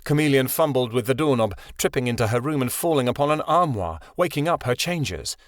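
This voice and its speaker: A man narrating a fantasy audiobook in an expressive storytelling read. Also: medium pitch, brisk, no room sound, clean studio sound.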